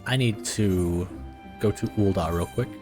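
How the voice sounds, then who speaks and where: A man's voice: low voice, a little slow, music in the background. A man streaming a game live, chatting casually with viewers in a laid-back way and laughing often.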